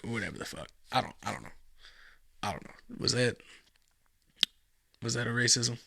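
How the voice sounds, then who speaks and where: A man's voice: medium pitch, animated, normal speed, gravelly, long pauses, sharp tone, no room sound, studio quality. A man hosting a casual podcast, rambling and swearing, with lots of fillers and restarts. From United States. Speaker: podcast host.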